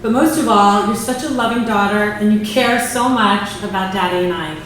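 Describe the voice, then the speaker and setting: A woman's voice: mid-range voice, normal speed, slight background noise. A woman in her forties, a mother giving a proud, prepared speech to her daughter from notes in a large banquet room. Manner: warm, proud, reading from notes. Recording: echoey hall from far off.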